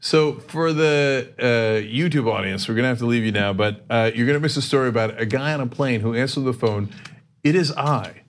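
A man's voice: mid-range voice, a little fast, few pauses, a little hiss or hum. A man hosting a show, telling comic stories in casual chat, laughing often and acting out the people he quotes. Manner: animated storyteller, laughs often, acts out quotes. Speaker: show host.

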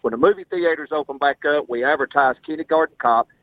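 A man's voice: a little high, quick pace, no room sound. A man with a Southern US accent calling into a radio show, laying out an upbeat idea. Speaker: caller. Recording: tinny phone line.

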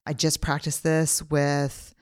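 A woman's voice: low voice, completely flat delivery, slow, clear, resonant tone. A middle-aged woman hosting her own podcast, talking earnestly and acting out the voices she quotes. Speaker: podcast host. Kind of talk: reflective solo podcast talk.

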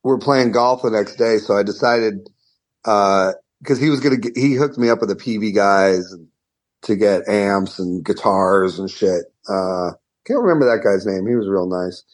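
A man's voice: fairly low pitch, normal speed. A middle-aged man, a guest guitarist, telling a story in a rambling, profane way full of restarts. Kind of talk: casual storytelling interview.

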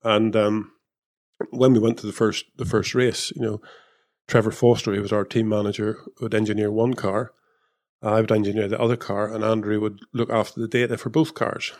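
Low-voiced man recalling racing days. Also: little pitch movement, normal speed, a little mellow. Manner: rambling, with many fillers and restarts. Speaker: former F1 technical director and race engineer. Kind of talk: casual interview chat.

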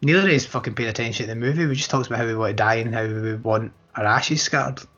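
A man's voice: mid-range voice, quick pace, fairly bright tone, breathy edge, soft background music. A man co-hosting a podcast in casual, joking, sweary chat. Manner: laid-back, joking, sweary. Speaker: podcast co-host. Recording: muffled lo-fi podcast audio.

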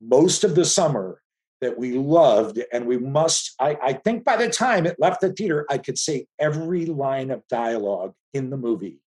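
A man in his fifties from the Philadelphia area, a filmmaker guest telling stories in casual conversation with animated restarts. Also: mid-range voice, moderate pace. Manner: animated storytelling with frequent restarts.

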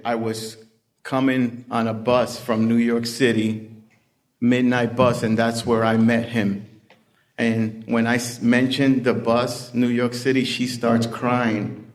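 Man, unhurried storyteller, casual, filler-heavy delivery. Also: medium pitch. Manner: slow, conversational, full of "you know" fillers. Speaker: storyteller in recovery. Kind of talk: personal storytelling.

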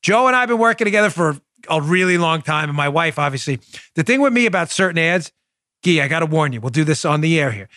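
A man hosting a political talk podcast, speaking in an animated, emphatic way and repeating points for effect. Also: fairly high pitch, fast, dry recording, clean studio sound. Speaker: podcast host.

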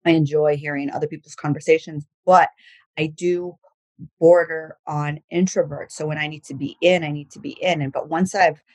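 A woman's voice: sits low, steady tone, normal speed, darkish tone, dry recording, low-quality recording. A woman, a comedian chatting casually on a podcast with lots of restarts and casual swearing. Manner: rambling, frequent likes and restarts, swears casually. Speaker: comedian guest.

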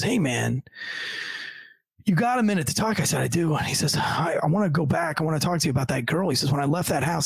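A man who works as a police officer tells a story in a casual, profane way and acts out what other people said. His voice is gravelly and a little husky, and he sits a bit high in pitch. The recording is close and dry. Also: no echo. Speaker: police officer telling a story as podcast guest.

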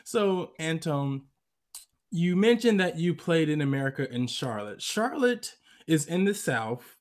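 A man's voice: fairly high pitch, measured pace. Chatty, laughing male podcast host. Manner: lively, chatty, laughs often. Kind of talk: casual interview chat. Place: US West Coast.

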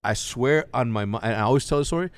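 A man in his thirties chats casually as a podcast host, telling stories loosely and swearing freely. He acts out what people said with lively jumps in his delivery. His voice sits at an average pitch, and the room sound is very dry. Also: quick pace, dry recording. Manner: animated storyteller, acts out quotes, heavy swearing.

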